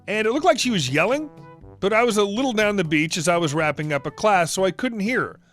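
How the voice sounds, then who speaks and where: A man's voice: sits high, fairly bright tone. A man narrating reddit stories, reading every character's dialogue in the same voice. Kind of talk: scripted story narration.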